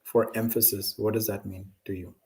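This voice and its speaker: A man's voice: on the low side, level tone, moderate pace, dark tone, low-quality recording. A man teaching a scripture class, asking students questions and often checking in with "right?".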